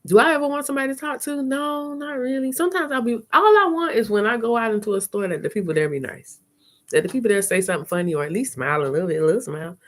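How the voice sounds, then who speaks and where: A middle-aged woman hosting a live chat, telling stories in a frank, animated way and acting out her own reactions. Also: a little high, fast. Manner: frank and salty, with slangy talk. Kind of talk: casual live-stream storytelling.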